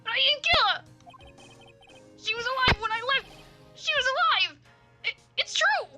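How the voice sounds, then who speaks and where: A woman's voice: animated, moderate pace, bright, forceful tone, faint music behind, heavily acted. A woman voicing a panicky, weeping male escaped convict in a game who pleads frantically with double negatives. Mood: frantic pleading. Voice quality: shrill, wailing.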